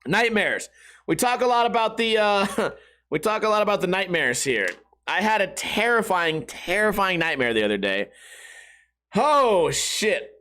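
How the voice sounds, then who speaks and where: A man's voice: sits high, very animated, measured pace, sharp tone. A man hosting a podcast, talking in a profane, rambling, self-mocking way. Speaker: podcast host. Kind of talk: casual podcast monologue.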